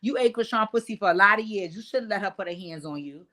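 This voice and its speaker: A woman's voice: mid-range voice, quick pace. Brash, profane woman recapping reality TV. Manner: brash, profane, animated storytelling. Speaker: host. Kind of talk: casual reality-show recap.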